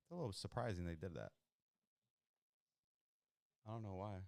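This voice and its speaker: A man hosting a live watch stream, chatting casually and reacting in excited bursts to a football game. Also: low-pitched, normal speed, creaky, dry recording. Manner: excitable, chatty, jumps between worry and hype.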